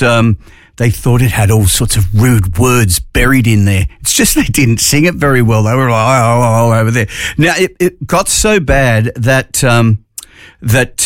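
A man's voice: medium pitch, no room sound. A man with an Australian accent presenting a community radio show in chatty, jokey, upbeat talk from a studio. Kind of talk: casual radio chat.

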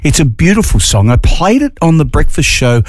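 Playful radio host, dry studio. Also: male voice, fairly high pitch, big pitch swings, normal speed, no echo. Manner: playful, self-mocking, chuckling asides. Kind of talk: casual radio banter.

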